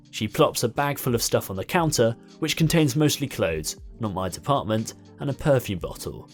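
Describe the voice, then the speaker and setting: A man reading a story aloud as narrator, in an expressive storytelling manner. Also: mid-range voice, moderate pace, hardly any pauses, faint music behind.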